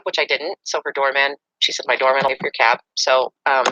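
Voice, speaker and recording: A woman's voice: rumbling low, brisk, sharp tone, lo-fi sound, a little hiss or hum. A woman telling a personal story in a casual interview, with a dramatic, breathless way of talking. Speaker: interview guest.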